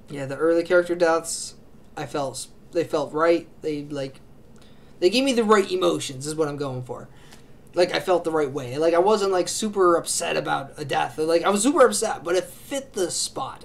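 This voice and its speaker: A man with a notably high voice talks casually to his channel's viewers. He gushes and rambles through his picks, restarting sentences and leaning on fillers as he goes. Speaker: anime reaction channel host. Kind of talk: casual spoken ranking of favorite series.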